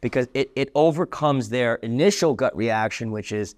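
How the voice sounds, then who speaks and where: A man's voice: mid-range voice, moderate pace. A young man leads a sales training session with energy and emphasis. He keeps acting out sample cold call lines to show tone.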